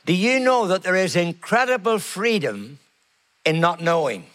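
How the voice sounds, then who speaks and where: Middle-aged male pastor, high voice, slow emphatic sermon delivery. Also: expressive, fairly bright tone. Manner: slow emphatic preaching with repeated phrases.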